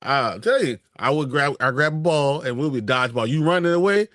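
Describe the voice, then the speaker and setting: A man's voice: fairly high pitch, expressive, a little fast, no room sound, studio quality. A man co-hosting a casual chat, joking and laughing along with his co-host. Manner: joking, laughs along, loud mock shouts. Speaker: podcast co-host.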